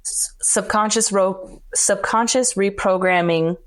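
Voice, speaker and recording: A woman's voice: medium pitch, fairly even intonation, measured pace. A woman guesting on a podcast in casual chat, talking in a playful, jokey way.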